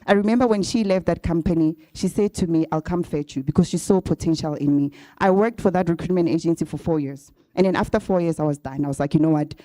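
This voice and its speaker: A fairly low, mellow female voice moves at a quick pace with few pauses, in a dry recording with clean studio sound. She is the guest speaker at a graduate bootcamp, speaking into a handheld or stand microphone at an event venue with a live audience. Her personal story comes across as chatty and casual, addressed directly to the graduates with many a "right?".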